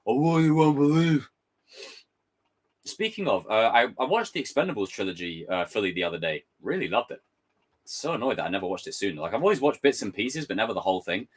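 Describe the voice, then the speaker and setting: Man, live-stream chat, lively swooping pitch, exasperated ranting, swears a lot. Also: fast talker, slightly rough. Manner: swears freely. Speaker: streamer reading chat donations.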